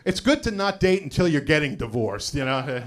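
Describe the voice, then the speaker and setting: A middle-aged man on stage with a voice that sits a touch high for a man. He tells his stories casually, dropping "you know" between lines and delivering the punchlines flat and dry. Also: moderate pace. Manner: conversational storytelling with frequent "you know" asides. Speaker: stand-up comedian. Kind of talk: live stand-up set.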